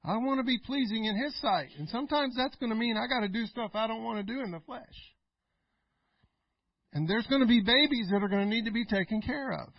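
A middle-aged male pastor preaching a folksy sermon, laughing often and swinging between loud and quiet. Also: very high voice, fairly quick, no echo, muffled recording.

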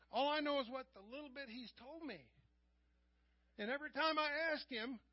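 Middle-aged guy preaching in church, high voice, dry dull live-stream sound, goes quiet then loud. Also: dry recording. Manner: swings from quiet asides to loud raised passages. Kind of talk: sermon. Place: church sanctuary.

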